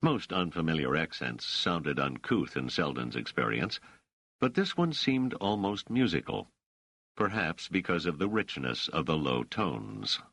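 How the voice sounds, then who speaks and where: Man, audiobook narration, measured, very dry close sound, animated pitch. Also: creaky, slightly rough, no room sound. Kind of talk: scripted narration.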